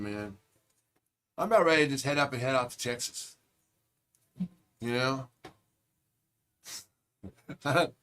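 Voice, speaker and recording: A livestreamer with a clean, slightly bright mid-range voice chats casually with his live viewers from a large public train terminal. He rambles and swears freely in a laid-back way.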